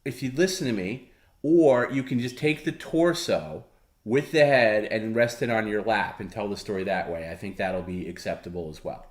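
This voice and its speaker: A man with a fairly low voice hosts a live stream and patiently lays out the rules. He talks in a casual, instructive way. His voice has a roomy echo around it. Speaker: stream host.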